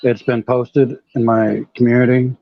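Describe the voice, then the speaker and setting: A man's voice: medium pitch, level tone, unhurried, creaky, dry recording. American man chatting over lo-fi call. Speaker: guest on a live chat. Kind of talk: casual live-stream chat. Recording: dry, dull lo-fi call audio.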